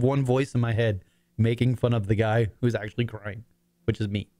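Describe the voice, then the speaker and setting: Warm in tone and even in intonation, this forties-aged man talks at normal speed and medium pitch, with no echo. He's running his own talk show out of his apartment. The casual monologue turns emotional as he swears, rambles, and chokes back tears.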